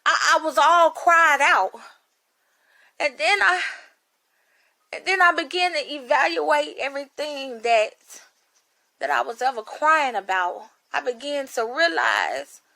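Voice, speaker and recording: A woman's voice: high-pitched, measured pace, creaky, bright, forceful tone. A woman giving an emotional spoken testimony like a sermon, repeating phrases and restarting with stammers. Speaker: ministry speaker.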